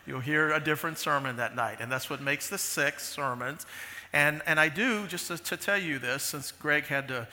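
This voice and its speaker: A man's voice: on the high side, moderate pace, sharp tone, big-room sound. A man preaching a sermon as pastor, conversational and full of restarts and fillers, in a large church sanctuary.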